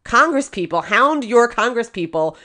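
A woman co-hosts a podcast in casual political chat, her pitch swooping widely as she gets indignant. She drops quick laughing asides between points. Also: lively intonation, bright, forceful tone. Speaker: podcast co-host.

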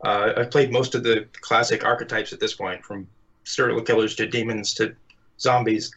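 A man's voice: on the low side, fairly even intonation, moderate pace, a bit bright. A man who acts as a guest on a podcast, answering in a laid-back, self-deprecating way. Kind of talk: casual interview answers. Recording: dull lo-fi sound.

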